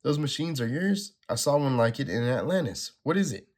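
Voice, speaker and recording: A man's voice: mid-range voice, big pitch swings, normal speed, voice pushed up. A man reading a comic aloud, voicing a grieving, desperate male survivor in a slightly raised, urgent voice. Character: anguished male survivor, grief-stricken and desperate.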